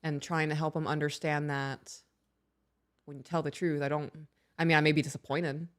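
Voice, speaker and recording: A woman in her thirties co-hosting a casual podcast, reading aloud and telling animated stories about her kids. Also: low voice, moderate pace. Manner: animated storyteller, acts out her own raised voice. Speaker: podcast co-host.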